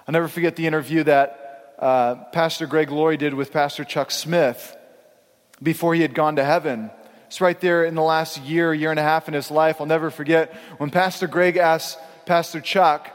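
A man's voice: fairly high pitch, steady tone, moderate pace, big-room sound. A man pastor preaching a sermon in a conversational, emphatic way, acting out quoted speakers.

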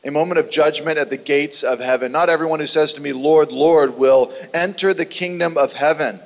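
Preacher man with a reverberant sound. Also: a little high. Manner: earnest, conversational, sometimes animated and quickening. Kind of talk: sermon. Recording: long hall reverb.

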